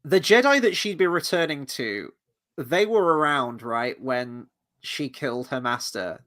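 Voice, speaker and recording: A man's voice: medium pitch, lively intonation, a little slow, a bit bright. A man hosting a casual film review chat, candid and crude with lots of jokes.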